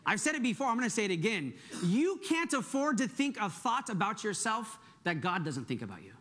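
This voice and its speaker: A middle-aged man delivers a sermon as the church's pastor, keeping it loose and conversational. His voice sits notably high for a man, and he talks with lively energy. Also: a little fast. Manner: energetic, conversational, asks the congregation "right?".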